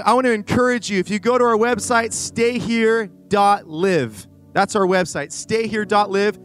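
Male youth pastor, high voice, energetic stage sermon, soft music underneath. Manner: energetic, animated preaching with rambling asides. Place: church stage before a congregation.

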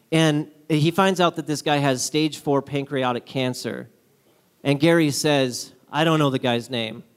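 A man with a fairly high voice preaches to a gathering. He tells his stories with animation and leaps into character voices for the people in them. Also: clear, resonant tone. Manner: animated storyteller, acts out characters with jumps in pitch. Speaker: guest speaker. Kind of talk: sermon with acted-out stories.

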